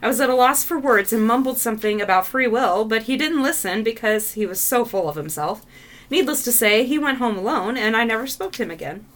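Woman reading out stories, lively pitch, bright voice, laughs a lot. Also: brisk. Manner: expressive, laughs often. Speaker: co-host reading listener stories. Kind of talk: reading stories aloud with casual reactions.

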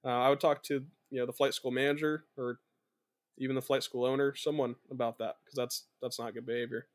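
A man's voice: medium pitch, level tone, brisk. A young adult man co-hosting an aviation podcast, easygoing and agreeable, telling stories from flights in casual chat. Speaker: podcast co-host, pilot.

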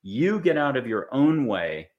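A man's voice: mid-range voice, sing-song, unhurried, dull audio. A man from the United States giving a casual spiritual talk to an audience, chatty and acting out little quoted voices. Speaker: spiritual speaker.

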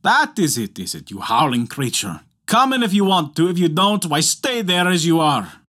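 A man voicing a gruff, stern young hunter who speaks roughly and bluntly in a folktale reading. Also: a little high, sing-song, moderate pace, sharp tone, heavily acted. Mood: scornful.

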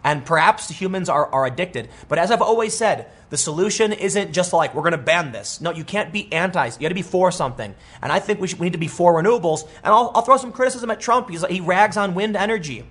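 A man in his thirties giving casual political commentary, animated and rambling, with many restarts and quoted asides. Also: high-pitched, fast, few pauses, slightly rough.

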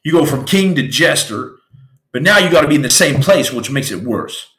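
A man's voice: medium pitch, lively intonation, normal speed, fairly bright tone, reverberant. A man hosting a podcast, telling stories in an impassioned, preachy motivational style that turns raw and emotional. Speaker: podcast host, former Navy SEAL.

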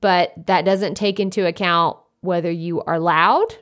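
A young adult woman hosting a solo podcast, chatty and naturally loud, speaking into a desktop USB microphone with many casual fillers. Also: fairly low pitch, fairly even intonation, unhurried. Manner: chatty, lots of "like" fillers, self-described loud. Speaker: podcast host.

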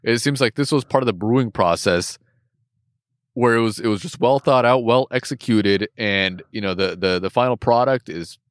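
A man in his thirties co-hosting a casual chat, animated and swearing, with mock-voiced asides. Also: mid-range voice, moderate pace, dry recording, clean studio sound. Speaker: podcast co-host. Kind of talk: casual chat tasting beer.

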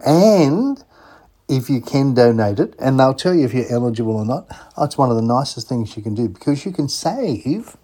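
A man's voice: mid-range voice, a little mellow, slightly rough. A man with an Australian accent, hosting a casual travel show, chatting and spelling out web addresses for sponsors. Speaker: radio host. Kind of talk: casual chat with sponsor plugs.

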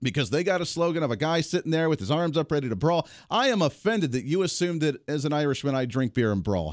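A man hosting a call-in radio talk show, sarcastic and animated as he takes calls. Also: medium pitch, fast, no echo, studio quality. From United States.

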